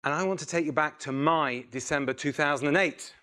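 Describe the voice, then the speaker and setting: A middle-aged man gives a lively storytelling talk to a live audience, mocking himself as he goes. His voice sits a little high for a man, and he acts out the scenes he describes. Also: fairly quick, smooth. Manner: animated, self-mocking, acts out phone calls. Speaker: public speaker.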